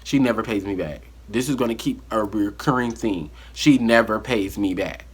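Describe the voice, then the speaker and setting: A man telling a story from his life in a casual vlog monologue, animated and acting out the dialogue. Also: on the low side, normal speed, breathy edge.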